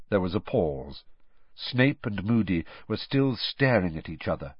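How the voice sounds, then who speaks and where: A man narrating an audiobook with a dramatic, animated reading and a lively, swooping pitch. The sound is dry, with no room echo, and slightly dull. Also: unhurried, slightly rough.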